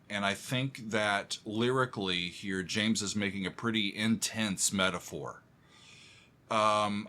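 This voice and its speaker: A man who is a composer, giving music reaction commentary, excitable and humming along as he talks to viewers like friends. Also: on the low side.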